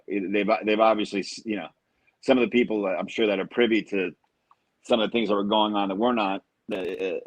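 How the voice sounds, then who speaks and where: A middle-aged man, a guest actor on a podcast, talking reflectively in casual conversation with frequent pauses. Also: fairly low pitch, no echo, rough recording.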